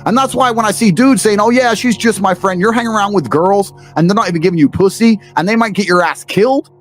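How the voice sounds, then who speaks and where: Faint music plays behind an English podcast guest with a British accent whose high voice moves fast. He spins blunt, swear-filled stories and rants emphatically.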